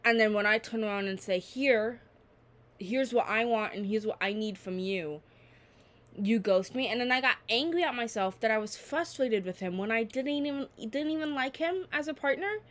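A nineteen-year-old woman hosting her own podcast, chatting alone in a rambling, candid way and swearing freely. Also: high-pitched. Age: late teens. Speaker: podcast host. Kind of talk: casual solo podcast chat.

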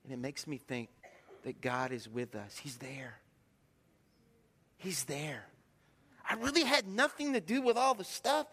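Male pastor, middle-aged, animated storyteller preaching, sharp high tone, long reverb. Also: measured pace, long pauses, slightly rough. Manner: animated storytelling preacher, swings from loud to hushed. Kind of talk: sermon. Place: church sanctuary.

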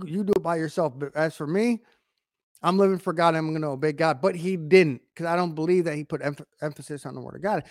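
A man's voice: high voice, dry recording, studio quality. A man preaching a conversational sermon, adding frequent asides and repeating phrases for emphasis.

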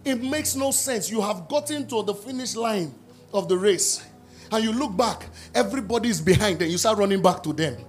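A middle-aged man preaching a sermon at a church service, acting out quotes and shouting at his peaks. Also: high voice, animated, normal speed, faint music behind. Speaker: pastor.

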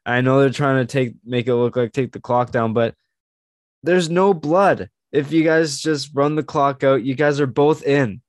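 Guy on a sports podcast, mid-pitch, dry close sound, gets excited telling stories. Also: normal speed, dry recording. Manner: excitable storyteller, acts out quotes. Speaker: podcast guest. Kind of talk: casual sports chat.

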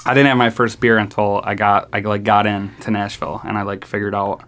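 A man's voice: on the low side, little pitch movement, fairly quick, a bit bright. Rambling young man with a New York accent. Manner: rambling, lots of "like", swears freely. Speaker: podcast host telling a story. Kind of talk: casual storytelling chat.

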